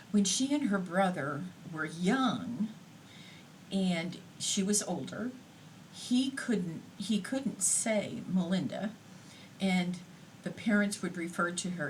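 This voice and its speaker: A woman giving a recorded lecture in an unhurried, explanatory way, pausing on fillers now and then. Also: on the low side, lively intonation, slight background noise, low-quality recording.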